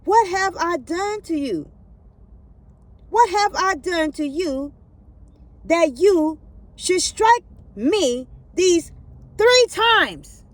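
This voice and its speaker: A woman voicing a mistreated female donkey that pleads with its owner, in a drawn-out dramatized Bible reading. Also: very high voice, lively intonation, dry recording, voice pushed up, exaggerated voice. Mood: pleading.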